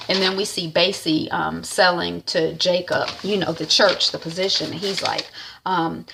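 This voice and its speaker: A woman's voice: on the low side, steady tone, normal speed, gravelly, background noise. A woman casually recapping a TV episode, rambling with frequent fillers and "and she's like". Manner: rambling, full of "um" and "is like". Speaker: TV recap vlogger.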